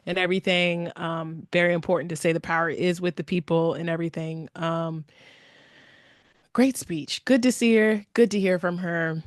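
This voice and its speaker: A woman co-hosting a podcast, chatting casually and animatedly, laughing often between quick asides. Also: on the low side, fairly even intonation, dry recording, studio quality. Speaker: podcast co-host. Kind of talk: casual chat.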